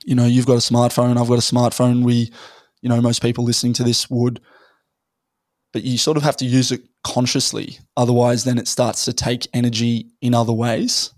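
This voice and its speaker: A man, a little hoarse from losing his voice, rambling through a casual podcast conversation and thinking aloud with many fillers. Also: mid-range voice, completely flat delivery, moderate pace, darkish tone, no room sound, clean studio sound. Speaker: podcast guest.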